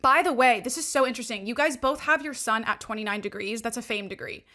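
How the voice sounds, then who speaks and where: A young woman talks quickly in a bright, higher voice. She explains astrology to her hosts in a chatty, upbeat way, dropping "like" constantly in casual podcast conversation. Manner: chatty, upbeat, heavy use of "like". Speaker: astrology and alignment coach guest.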